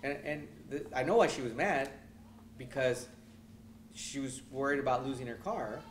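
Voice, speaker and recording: A man preaching a sermon as pastor, reading scripture and growing more emphatic, with halting self-corrections between verses. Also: medium pitch, a little hiss or hum. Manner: reads scripture in King James wording, rising louder and more emphatic as he preaches.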